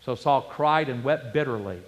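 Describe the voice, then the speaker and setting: A male pastor preaching a sermon, animated and storytelling, with rhetorical questions to the congregation. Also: mid-range voice, normal speed. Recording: long hall reverb.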